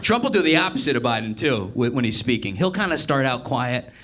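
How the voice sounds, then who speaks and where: A man hosting a comedy podcast, telling stories in an animated, profane way. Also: mid-range voice, brisk, crowd noise. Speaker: podcast host. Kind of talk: comedic casual chat.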